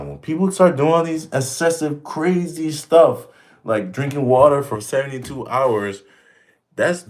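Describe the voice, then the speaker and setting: Male host, 30s, very low voice, emphatic, repetitive and joking in casual livestream chat. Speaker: fitness streamer answering viewer questions.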